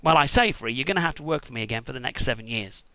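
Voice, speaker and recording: A man's voice: medium pitch, lively intonation, racing, sharp tone, no echo, pitched below the performer's own voice. A British man voicing a crafty older uncle who bargains slyly in a comic Bible retelling. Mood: wheedling.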